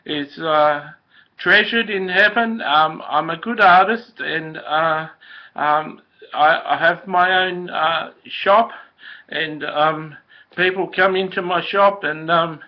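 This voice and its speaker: A man giving a gentle, emotional spoken message as if from his late sister, halting with many ums and uhs. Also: on the high side. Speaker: prophetic minister speaking as his late sister. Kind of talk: slow spoken channeled message. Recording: dull lo-fi recording.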